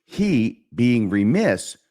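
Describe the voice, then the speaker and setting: A man's voice: mid-range voice, very animated, drawn-out words, dark tone. A man reading a scheming king's verse lines aloud in a plain reading voice. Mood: persuasive. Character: scheming middle-aged male king, persuasive.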